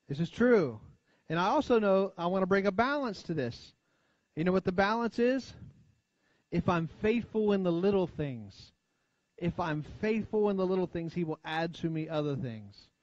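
Preaching American man, dull lo-fi sound. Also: no echo. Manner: conversational preaching, frequent call-and-response asides; drops low and quiet to stress key lines. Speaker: pastor. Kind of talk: sermon. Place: church sanctuary. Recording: dull lo-fi church recording.

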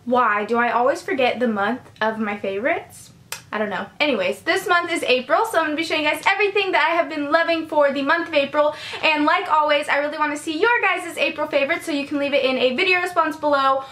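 Bubbly young woman gushing over her faves, high voice, echoey room. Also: fairly bright tone. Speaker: beauty vlogger. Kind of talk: casual chat to camera.

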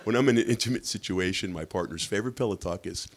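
A man's voice: a little fast, a little hiss or hum. A middle-aged man performing a chatty stand-up comedy set on a club stage. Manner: lively, chatty, jumps into high-pitched voices for bits.

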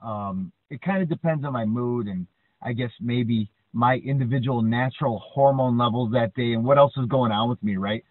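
A man's voice: mid-range voice, moderate pace, no room sound. Guy on a podcast chatting, keeps going "right?", thin phone-y sound, dry. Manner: chatty, frequent "right?" tags, animated storyteller. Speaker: podcast co-host. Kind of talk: casual storytelling chat. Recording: dry, tinny phone-like line.

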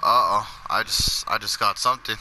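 Man, gamer, casual chat, excitable, bright tense tone, laughing. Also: on the low side, moderate pace, slight background noise, poor audio.

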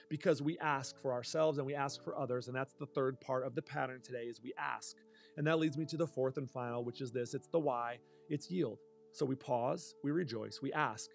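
A man preaches from the pulpit in an earnest pastor's sermon, slipping into spoken prayers along the way. His voice sits a little high and carries a gravelly fry. Faint music plays beneath him. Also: brisk, darkish tone.

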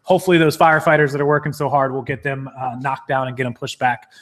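A man's voice: mid-range voice, flat delivery, fast talker, a bit bright. A man hosting a live stream, upbeat, greeting viewers one by one from the chat before getting into his topic. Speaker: YouTube live-stream host.

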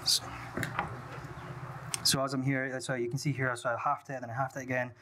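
A young man with a mild Scottish accent talks a live audience through a hands-on aquascaping demonstration. He speaks in a relaxed, unpolished way and often restarts his sentences. A clear hum of room noise sits under his voice. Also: medium pitch, brisk. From Scotland. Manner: relaxed, explains while planting, many fillers and restarts. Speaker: aquascaping workshop instructor. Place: indoor workshop venue. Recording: noisy room ambience.

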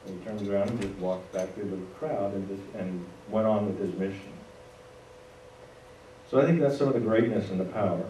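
Male pastor preaching, mellow warm tone, casual asides, roomy church sound w/ a bit of hiss. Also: on the low side, moderate pace. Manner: conversational preaching, with asides to the congregation. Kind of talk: sermon. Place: church sanctuary. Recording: echoey room, voice from a distance, faint noise.

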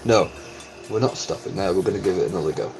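This gaming channel host talks fast in a low voice, recorded poorly, while game music plays. During his let's-play commentary he excitedly yelps and cries out at in-game events.

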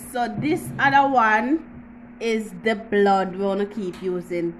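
A woman's voice: medium pitch, unhurried, slight background noise, low-quality recording. A woman with a Jamaican accent hosting a casual home how-to vlog, chatty and teasing, with frequent laughs. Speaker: YouTuber.

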